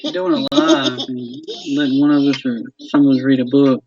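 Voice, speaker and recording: A man's voice: a little high, wildly swooping pitch, normal speed, vocal fry, a little mellow, no echo, distant mic, dull audio. A man chatting casually on a family live stream, laid-back and unsure as he tosses out ideas.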